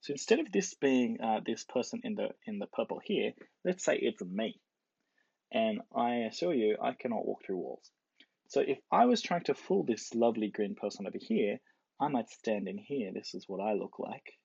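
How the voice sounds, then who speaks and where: A man lectures in a relaxed, explanatory way and playfully acts out the characters he quotes. His voice is husky with a gravelly edge. The recording is dull and lo-fi, with a dry sound. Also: mid-range voice, moderate pace, no room sound.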